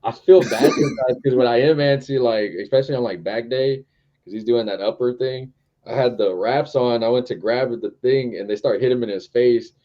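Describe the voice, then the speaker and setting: A man's voice: mid-range voice, brisk, mellow, dull audio. A man with a Texan accent co-hosting a casual podcast, laid-back, often acting out what people told him. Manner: laid-back, acts out quoted exchanges. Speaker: podcast co-host. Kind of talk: casual chat.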